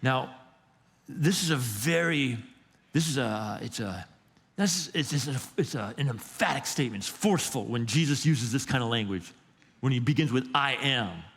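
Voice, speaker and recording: A man's voice: mid-range voice, lively intonation, moderate pace, gravelly, slightly rough. A man preaching a sermon as a pastor, in a casual, emphatic way, often repeating words as he builds up a point. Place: church sanctuary. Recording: long reverb of a church hall.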